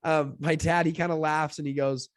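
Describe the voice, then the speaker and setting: A man's voice: on the high side, moderate pace, dry recording. A young adult man, a podcast guest, casually telling a long personal story with lots of fillers and acted-out quotes. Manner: chatty, filler-heavy, acts out quotes with lively voices. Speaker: podcast guest, fund founder.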